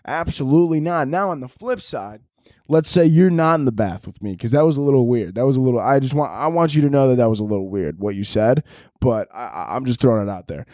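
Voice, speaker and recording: A man doing a crude, rambling comedy monologue as a podcast host, now and then shouting out other people's lines. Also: mid-range voice, lively intonation, quick pace, no room sound, studio quality. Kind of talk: comedic monologue answering listener questions.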